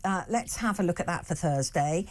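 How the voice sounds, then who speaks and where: A woman's voice: on the low side, animated, normal speed, darkish tone. A woman hosting a radio talk show from the studio, chatting through the newspapers in a teasing, frank way. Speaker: host. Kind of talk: casual chat reviewing newspapers.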